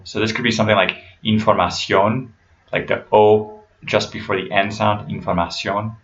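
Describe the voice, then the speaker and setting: A man teaching pronunciation rules patiently and methodically, slowing down to model each word. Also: lowish voice, gravelly, a bit bright, lo-fi sound. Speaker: language teacher.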